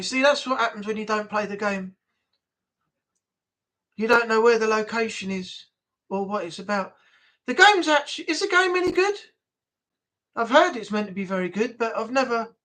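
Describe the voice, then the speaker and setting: Stream host, casual chat, rambling, bright voice. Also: mid-range voice, a little fast. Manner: chatty, rambling, answers chat aloud.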